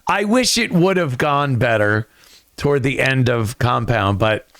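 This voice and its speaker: A man chatting loosely on a podcast in a studio, rambling along and laughing at his own jabs. His voice carries a gravelly rasp at a mid pitch. The sound is close and dry. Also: animated, unhurried, fairly bright tone, no echo. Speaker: studio guest. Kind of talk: casual chat.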